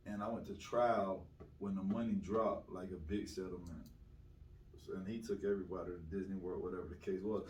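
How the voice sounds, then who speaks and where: A man's voice: deep voice, steady tone, a little fast, a little mellow, a little hiss or hum. A young man from South Florida, a guest telling stories in a slangy, swaggering casual interview. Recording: roomy, distant mic with faint ambience.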